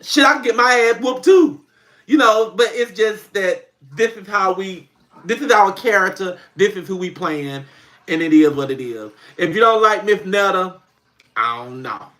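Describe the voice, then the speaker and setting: High bright-voiced man chatting live. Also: moderate pace. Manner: animated, laughing storyteller, swears freely. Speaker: comedy skit creator hosting a livestream. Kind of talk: casual livestream chat.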